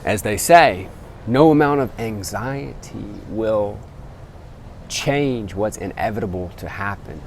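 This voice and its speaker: A man vlogging outdoors beside a temple, talking earnestly to camera as he calls his listeners gentlemen. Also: on the low side, lively intonation, slow, vocal fry, a little hiss or hum. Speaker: travel vlogger. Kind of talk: casual motivational talk to camera.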